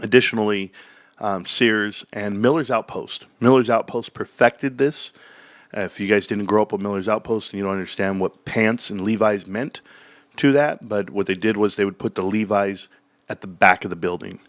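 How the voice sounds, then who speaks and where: Animated man talking sales, dry sound. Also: moderate pace, no echo. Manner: animated, acts out sales pitches in quoted voices. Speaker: stock commentary host. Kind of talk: casual commentary.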